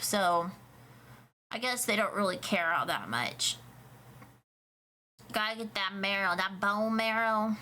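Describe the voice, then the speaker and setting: A young woman streamer chatting casually with her viewers, rambling, swearing and getting excited. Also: mid-range voice, slight background noise. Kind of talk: casual livestream chat.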